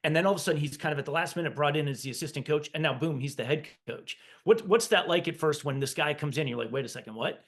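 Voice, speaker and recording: A man hosting a casual interview, with a fairly high voice. He lays out long questions with fillers and restarts, correcting himself as he goes. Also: fast, few pauses, a bit bright. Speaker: podcast host, interviewer.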